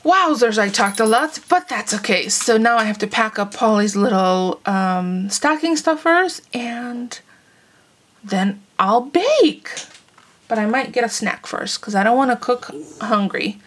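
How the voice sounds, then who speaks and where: A woman's voice: fairly high pitch, animated, a little slow. A woman chatting casually in a home vlog, rambling on and cooing baby talk at her dogs. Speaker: vlogger. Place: home living room and kitchen.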